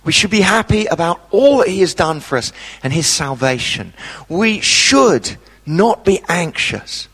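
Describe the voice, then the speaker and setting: A man preaching a sermon, telling a personal story with dramatic pauses. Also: high voice, slightly rough, big-room sound.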